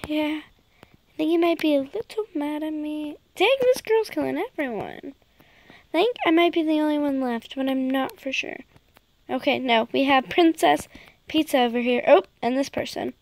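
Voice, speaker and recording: A woman chatting excitedly to her viewers while commenting on her gameplay. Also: sits high, moderate pace, poor audio. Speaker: gaming YouTuber.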